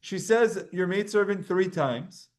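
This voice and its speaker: Male Torah teacher with a high voice, giving a relaxed line-by-line lecture. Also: a little slow. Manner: reads Hebrew verses then translates and explains them casually. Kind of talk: Talmud class lecture.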